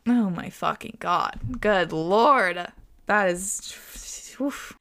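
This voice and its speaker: A woman hosting a podcast, reading listener stories aloud in an expressive way, swearing and laughing often. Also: on the low side, very slow, gravelly. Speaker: podcast host.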